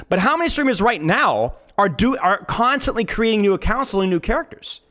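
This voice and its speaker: Male streamer, animated voice, emphatic, repeats himself, gaming commentary. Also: high-pitched, fairly quick, few pauses.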